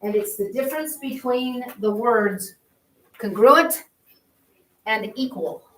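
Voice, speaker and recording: A woman's voice: a little high, unhurried. A woman teaching a geometry class, explaining in a conversational, repetitive way. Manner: conversational, repeats herself while explaining. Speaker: math teacher. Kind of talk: classroom lecture. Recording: roomy classroom audio from a distance.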